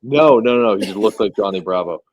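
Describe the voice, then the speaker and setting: A man's voice: on the low side, expressive, fast, poor audio. A man telling a loose, rambling anecdote with slang in casual podcast chat.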